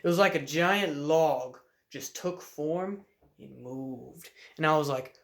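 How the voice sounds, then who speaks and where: A man's voice: a little high, slow pace, creaky. Laid-back young man telling a fishing story. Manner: laid-back drawl, acts out the story with loud shouted bursts. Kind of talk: casual storytelling to camera. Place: messy room at home.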